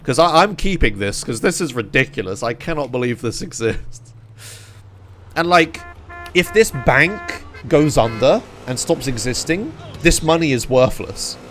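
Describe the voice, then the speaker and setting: A man's voice: mid-range voice, unhurried, soft background music. A young man from England chatting casually on a live stream, ranting in disbelief with lots of swearing and laughter. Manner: animated, incredulous ranting with frequent swearing and laughs.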